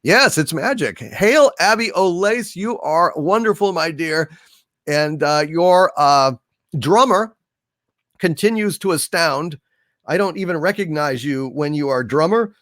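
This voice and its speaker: Slow, theatrical male stream host. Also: fairly high pitch, animated, fairly bright tone, no echo, clean studio sound. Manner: theatrical, hailing viewers grandly. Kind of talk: reading viewer chat messages on a live stream.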